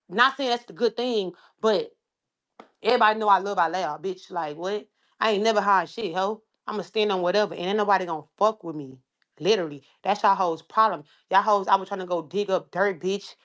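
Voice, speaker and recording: A woman rapper tears into her critics on a livestream, swearing constantly and circling back to the same jabs. Her talk is blunt and confrontational, in a middle-pitched voice. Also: a bit bright. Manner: profane, confrontational, repetitive. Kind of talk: angry livestream rant.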